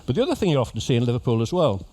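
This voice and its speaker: A man's voice: mid-range voice, sing-song, racing, warm tone. A man giving a humorous, chatty talk to cruise passengers as an after-dinner speaker. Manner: jokey, chatty storyteller addressing an audience. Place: ship lecture venue.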